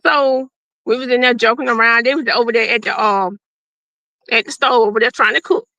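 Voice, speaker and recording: A middle-aged woman recounts her own story in a gravelly, fry-laced voice that sits a little high for a woman. Her tone is bright and forceful, and she speaks plainly, slipping into the voices of the people she quotes. The recording is dry and close. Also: fairly even intonation, brisk, dry recording, muffled recording. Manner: plain-spoken, acts out quoted dialogue. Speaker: guest telling her survival story. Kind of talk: unscripted personal storytelling.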